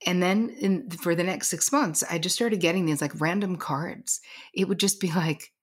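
Middle-aged woman guest, low husky voice, earnest storyteller who leans into a whisper for emphasis. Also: normal speed. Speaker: guest, boundaries coach. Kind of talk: personal storytelling in conversation.

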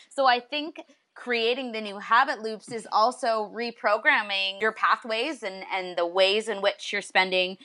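A woman's voice: medium pitch, normal speed, a bit bright. A woman hosting a casual interview, affirming her guest and asking guided questions. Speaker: interview host.

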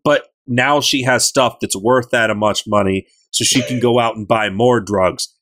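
A man chatting casually on a gaming podcast, retelling a story with animated, joking energy. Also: mid-range voice, unhurried. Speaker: podcast co-host recapping a game.

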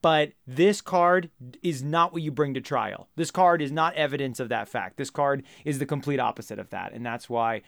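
A man co-hosting a podcast in casual comedic chat, riffing with animated, mock-outraged rants into a close mic. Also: medium pitch, normal speed, gravelly, dry recording. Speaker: podcast co-host.

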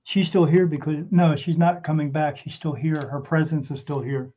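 A man as a psychic guest in a casual interview, telling animated anecdotes and acting out what others said. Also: fairly high pitch, normal speed, a crowd in the background. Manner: animated anecdote-telling, acts out quoted voices. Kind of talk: casual storytelling. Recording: muffled lo-fi sound.

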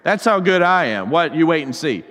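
A cocky disciple with a Southern twang brags loudly, voiced by a preacher mid-sermon. His high, pushed voice swaggers through every boast. The sound hangs in a long, reverberant hall. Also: big pitch swings, moderate pace. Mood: boastful. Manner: brash, bragging, swaggering. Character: boastful overconfident male disciple, adult.

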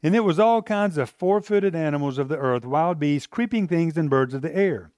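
A man preaches in a relaxed, conversational style, stumbling into restarts and slipping into the voices of the people in his story. His voice sits a little high for a man. The recording is dry and close, with no room echo. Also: normal speed. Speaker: pastor. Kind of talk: sermon.

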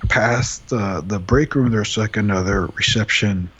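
A young man casually telling a story in profane, animated language, acting out what he said back then. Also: fairly low pitch, a little slow, slightly rough. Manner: profane, animated retelling with quoted asides. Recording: dull lo-fi audio.

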